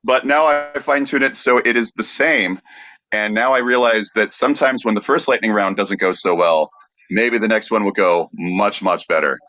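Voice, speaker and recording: Podcast guy reading questions deadpan, bright voice, kinda muffled lo-fi sound. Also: on the low side, normal speed, no room sound. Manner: dry, matter-of-fact question reading. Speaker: podcast co-host asking questions. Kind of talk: casual podcast hosting. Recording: dry, dull lo-fi sound.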